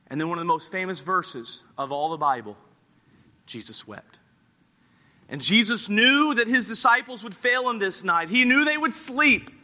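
Bright-voiced man preaching a sermon. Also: sits high. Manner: dramatic storytelling, swings from loud to hushed; acts out quoted lines.

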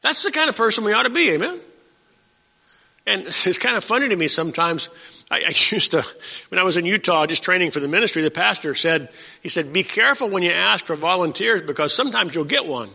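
Man, pastor preaching, bright sharp tone, gravelly, animated delivery with restarts, long church reverb, muffled sound. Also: high voice, brisk. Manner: animated, rising to emphatic peaks, with frequent restarts. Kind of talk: sermon. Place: church sanctuary. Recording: dull sound with hall reverb.

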